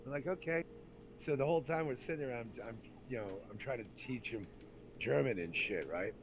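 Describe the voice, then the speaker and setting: Very animated and brisk, this medium-pitched man spins rowdy army tales against background noise. Hailing from Santa Rosa, California, he chats in a casual, profane way, full of fillers, and imitates the people in his stories.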